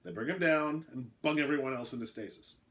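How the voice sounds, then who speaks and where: A man's voice: mid-range voice, brisk, a bit bright, natural voice. A man voicing a brash, sarcastic male alien who announces a game, talking in a flippant, impatient way.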